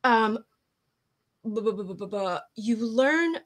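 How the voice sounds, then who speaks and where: A woman's voice: a little high, animated, takes it slowly. A woman guest coach explaining ideas in a casual interview, tripping over her words and laughing at herself.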